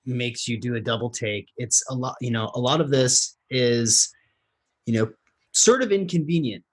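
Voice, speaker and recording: A male podcast host speaks in a casual, halting way and often restarts his sentences. His pitch is average, and he sounds like an everyday conversational voice. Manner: halting, searching for words. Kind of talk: casual interview talk.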